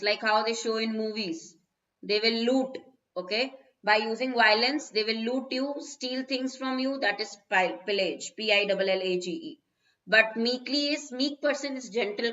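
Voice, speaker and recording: Indian woman tutor, bright and fairly high, explaining vocab over dull lo-fi stream audio. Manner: explains word meanings step by step, mixing in Hindi. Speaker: English teacher. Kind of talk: live online exam-prep lesson. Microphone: phone.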